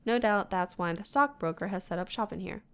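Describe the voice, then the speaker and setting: A woman plays a video game in a let's-play, commenting casually, muttering to herself and reading the game's text aloud. Her voice is mid-range, brisk, smooth and a bit bright.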